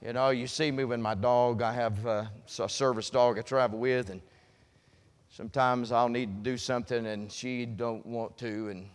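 Preacher man with soaring, shouted emphasis. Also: medium pitch, fairly even intonation, moderate pace, clean tone, big-room sound. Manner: swings from quiet asides to loud shouted emphasis. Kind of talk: sermon.

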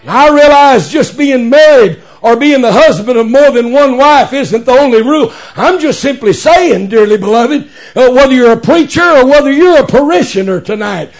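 A preacher man delivering a sermon in a folksy cadence that swells into shouted emphasis. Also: very high voice, lively intonation, moderate pace, hardly any pauses.

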